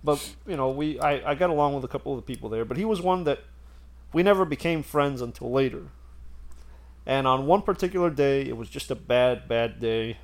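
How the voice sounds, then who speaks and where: A man's voice: mid-range voice, brisk. A man telling a story in casual chat, rambling and laughing as he goes.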